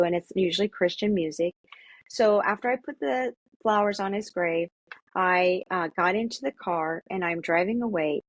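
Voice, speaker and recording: With a voice on the low side and no echo, a middle-aged woman who is a mother tells casual stories as an interview guest. She comes across as earnest and halting, with lots of restarts.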